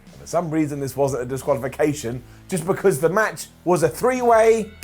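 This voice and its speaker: A man's voice: fairly high pitch, fairly quick, a little mellow. A man giving a sarcastic, jokey recap of a wrestling show, slipping into mocking voices as he goes. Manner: sarcastic, jokey, mimics people in funny voices. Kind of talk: comedic recap commentary. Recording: light background music.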